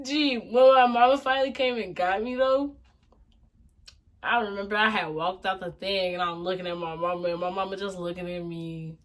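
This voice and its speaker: A woman vlogger telling a casual storytime tale in an animated, slangy, expressive way. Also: medium pitch, moderate pace.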